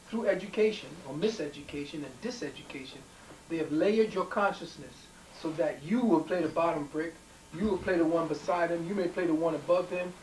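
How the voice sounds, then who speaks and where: A man giving a rambling conspiracy talk, emphatic, with frequent ums and repeated words. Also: fairly high pitch. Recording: echoey room, mic far off, faint noise.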